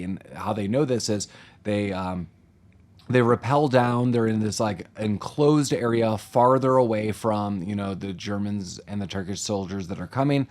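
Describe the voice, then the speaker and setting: Rambling man recapping a movie. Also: lowish voice. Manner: rambling, quick asides, mock-quoting characters. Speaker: podcast co-host. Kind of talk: casual movie recap chat.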